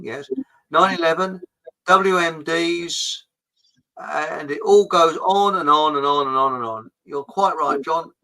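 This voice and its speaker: A middle-aged man with a fairly high, bright, forceful voice hosts a loose live chat. He rambles and jokes, reading out viewer comments between asides. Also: measured pace, rough recording. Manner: jokey and rambling, with frequent fillers. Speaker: host of a live online chat show.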